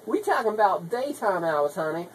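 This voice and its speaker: A woman's voice: mid-range voice, sing-song, normal speed, a little hiss or hum, lightly acted, poor audio. A woman playing a scheming country wife with a put-on rural Southern US hick accent. She rambles in a folksy way and calls everyone honey. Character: scheming country wife pitching web-marketing tricks. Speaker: comedy video maker. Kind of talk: comedy sketch monologue.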